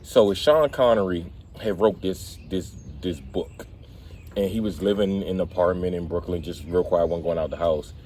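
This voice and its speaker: A man hosts a relaxed conversation with a slightly low voice. He tells stories in an animated way and pokes fun at himself. Faint background noise sits under the talk. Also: normal speed. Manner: animated storyteller, laughs at himself. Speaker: host. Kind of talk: casual conversation.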